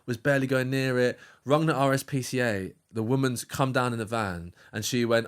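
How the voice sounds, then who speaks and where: A young man, a podcast guest telling a story in a casual, animated, slangy way. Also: mid-range voice, brisk, hardly any pauses, smooth.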